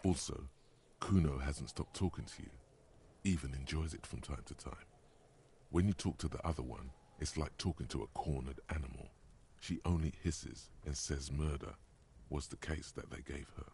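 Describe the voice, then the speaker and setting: A man with a deep, husky, mellow voice plays the grave inner narrator of a detective video game. His delivery is measured and the mood is ominous, with slight background noise in the recording.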